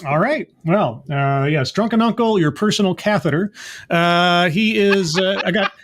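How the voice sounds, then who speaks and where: High-pitched upbeat male show host. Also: normal speed, background noise. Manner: upbeat, playful, reading out viewer names. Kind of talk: casual chat.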